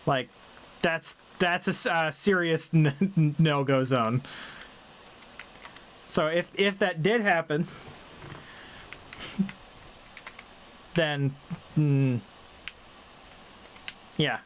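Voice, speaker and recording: A man's voice: a little high, extremely slow, pauses often, slight background noise. A young man from British Columbia with a neutral General American accent, chatting casually on a live stream, rambling and correcting himself. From Canada (British Columbia). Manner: rambling, self-correcting, reading chat aloud.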